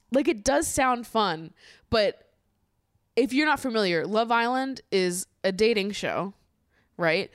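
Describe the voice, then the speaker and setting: A woman's voice: on the high side, big pitch swings, brisk, no room sound, clean studio sound. A young woman hosting a podcast in casual chat, swearing freely and laughing often. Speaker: podcast host.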